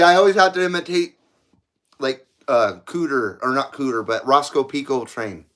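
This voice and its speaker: A man's voice: mid-range voice, bright, forceful tone. A middle-aged man from the United States hosting a CB radio livestream, chatting casually and rambling, often laughing at his own jokes.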